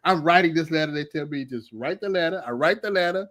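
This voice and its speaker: A middle-aged man telling his story with lots of energy. His voice sits a little high for a man. He laughs often and acts out the people in the tale. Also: animated, fast, fairly bright tone. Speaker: podcast guest telling his testimony. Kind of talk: animated storytelling.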